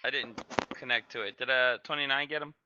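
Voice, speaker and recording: A man playing in an online tabletop game who throws in quick jokes. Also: medium pitch, steady tone, pushed and bright, no echo, lo-fi sound. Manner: quick joking quips. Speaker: player. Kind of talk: casual game chat.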